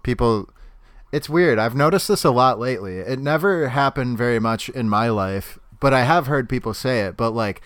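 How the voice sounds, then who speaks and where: A man chatting casually on a podcast about a cartoon, agreeable and quick to laugh. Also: mid-range voice, lively intonation, fairly bright tone, dry recording, studio quality. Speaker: podcast co-host.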